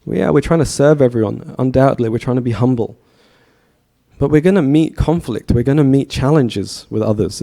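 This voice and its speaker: A man's voice: medium pitch, creaky, mellow. A man in his thirties giving a storytelling sermon, chatty and asking his listeners questions. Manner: chatty, asks the audience questions. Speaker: speaker giving a temple talk.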